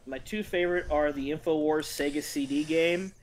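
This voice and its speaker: A man's voice: on the high side, fairly even intonation, moderate pace, darkish tone. A man co-hosting a casual livestream chat, throwing in wry joking asides. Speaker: podcast co-host.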